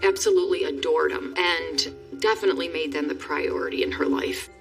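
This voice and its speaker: A woman's voice: low-pitched, steady tone, fairly quick, gravelly, recorded from a distance, music in the background. A woman, a former labor and delivery nurse, speaking emphatically in an interview.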